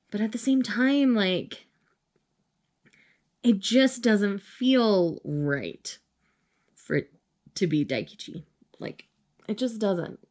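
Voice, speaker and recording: Slow-talking woman venting in a vlog. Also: fairly low pitch. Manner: frustrated, exasperated venting with groans; chatty, rambling with fillers. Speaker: vlogger reviewing manga. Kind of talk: casual reaction vlog.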